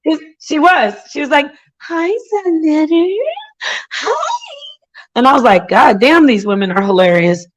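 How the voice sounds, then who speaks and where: A woman's voice: on the high side, lively intonation, a little fast, hardly any pauses, rough recording. A woman hosting her own channel, telling a story in an indignant casual rant with mocking impressions of others. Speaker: channel host.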